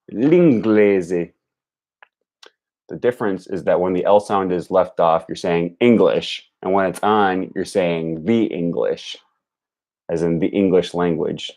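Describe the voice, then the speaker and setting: A young man talks through a language lesson on a live stream, thinking aloud and repeating words to practise them. His voice sits low and mellow, and he speaks at an unhurried, slow pace. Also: steady tone. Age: young adult. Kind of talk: casual live-stream commentary.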